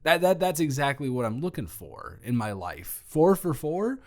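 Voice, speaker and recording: A man's voice: on the high side, sing-song, moderate pace, a little mellow. A young man improvising an audio role-play, talking in a flustered, rambling way with many stammering restarts.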